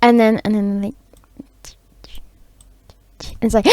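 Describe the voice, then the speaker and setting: Woman improvising a silly rambling story, slow and filler-heavy, close dry mic. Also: mid-range voice, smooth, no room sound.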